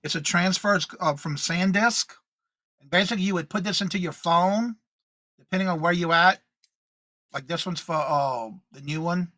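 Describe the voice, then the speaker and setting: On a morning live stream, a male co-host speaks in a bright, slightly high voice, captured close with no room sound. He keeps things upbeat and casual at a normal pace, reading comments aloud and welcoming each viewer by name with an identical greeting.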